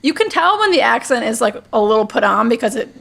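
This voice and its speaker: A woman podcast host in casual chat, quick and chatty with many fillers. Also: a little high, very animated, creaky, fairly bright tone.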